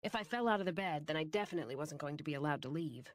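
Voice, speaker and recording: A woman narrating a fantasy audiobook in first person, with a wry, brisk storytelling manner. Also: sits low, lively intonation.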